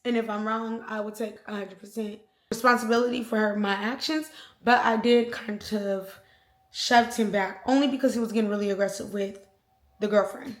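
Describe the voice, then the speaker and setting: A woman's voice: mid-range voice, moderate pace. Chatty woman telling a story, echoey. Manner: chatty, slangy, animated retelling. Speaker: storytime vlogger. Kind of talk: casual storytelling.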